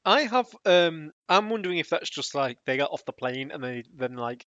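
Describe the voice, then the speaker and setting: A man's voice: on the high side, expressive, normal speed, fairly bright tone, no room sound, lo-fi sound. A man co-hosting a podcast, chatting loosely and laughing often. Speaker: podcast co-host. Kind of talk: casual chat.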